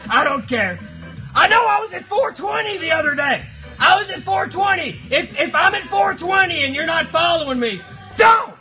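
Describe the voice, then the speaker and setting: A shrill, piercing cardboard box monster, hollering crude jokes at his live chat. Bright, strained squeals that climb very high, with faint music playing behind. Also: heavily acted. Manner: shouty, crude, rambling banter with chat. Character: rowdy foul-mouthed cardboard box monster. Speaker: live streamer. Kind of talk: live stream puppet character chat.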